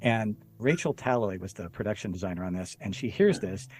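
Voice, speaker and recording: Husky, brisk, and on the low side, this former stuntman's voice carries a story during a relaxed podcast conversation. Laughing frequently, he animatedly acts out the people he quotes by slipping into their voices.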